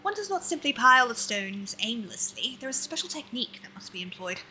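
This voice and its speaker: A woman's voice: fairly high pitch, very animated, a little fast, sharp tone, faint music behind, full character voice, rough recording. A woman putting on a weary old British villager. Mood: solemn. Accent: mock British. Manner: formal, old-fashioned storybook phrasing. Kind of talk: reading game dialogue aloud.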